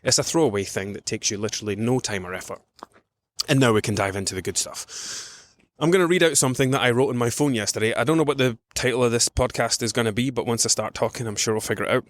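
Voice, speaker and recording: A man's voice: medium pitch, quick pace, dry recording. Chatty man, dry close sound. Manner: chatty and rambling, with many ums and restarts. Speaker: podcast host, nutrition coach. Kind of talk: casual podcast monologue. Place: outdoors on a morning walk.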